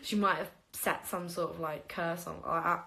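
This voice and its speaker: A woman's voice: on the low side, steady tone, normal speed, vocal fry, bright, forceful tone. A young woman chatting on a phone livestream, telling stories about her life with frequent laughs and casual swearing.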